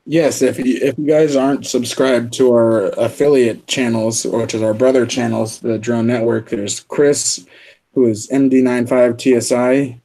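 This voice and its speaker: A man's voice: medium pitch, fairly even intonation, measured pace, dark tone, rough recording. A man co-hosting a casual livestream chat, easygoing and joking, sleepy and yawning from little sleep. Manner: easygoing, joking, laughs often. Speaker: co-host of a livestream show.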